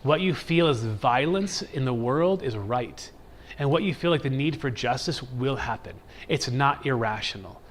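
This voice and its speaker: A man teaching a catechism class in a conversational lecture style, animated, often checking in with "right?" and acting out people's reactions. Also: mid-range voice, moderate pace, slight background noise. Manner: animated, keeps asking "right?"; acts out everyday reactions in quotes.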